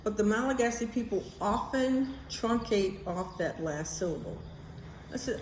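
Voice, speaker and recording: A woman vlogging in a casual, animated chatty way, swearing now and then. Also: mid-range voice, moderate pace, echoey room, very noisy. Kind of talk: casual chat to camera.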